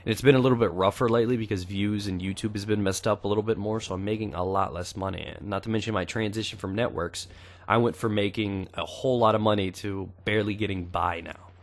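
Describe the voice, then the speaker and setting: A man's voice: lowish voice, fast talker. A young man in his twenties talking casually over gameplay, chatty and crude, swearing freely. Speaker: gaming YouTuber.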